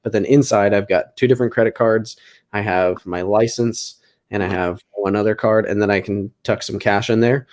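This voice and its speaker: A man's voice: lowish voice, normal speed. Male podcast guest, laid-back, likes to rib the others. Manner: relaxed, teasing banter. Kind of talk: casual podcast chat.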